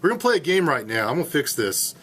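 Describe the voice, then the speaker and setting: A man's voice: on the high side, sing-song, fast talker, fairly bright tone, husky. A man in his late twenties hosting a college radio show from the studio, joking around in a goofy, hammy way. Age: late 20s. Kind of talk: casual comedic radio hosting.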